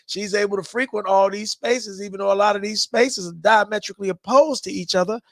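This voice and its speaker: A tired man from the US West Coast hosting a late-night live stream, talking loudly in profane, rambling banter. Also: high voice, fairly even intonation, a little fast, creaky, no echo, clean studio sound.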